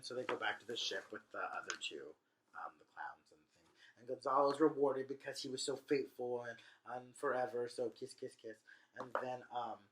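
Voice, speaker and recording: A man's voice: mid-range voice, fairly bright tone. A man casually retelling a play for laughs, rambling and chatty with slangy asides. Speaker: host.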